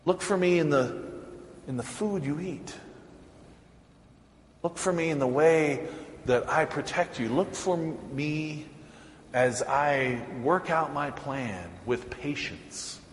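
Conversational pastor in an echoey church. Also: male voice, a little high, takes it slowly, pauses often, a little hiss or hum. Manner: storytelling, conversational, chuckling. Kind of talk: sermon. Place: church sanctuary. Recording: echoey church hall, faint ambience.

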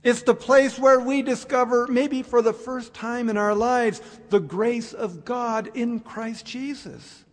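A man preaching a sermon, slow and reflective, with dramatic pauses. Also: extremely high pitch, fairly even intonation. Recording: long hall reverb.

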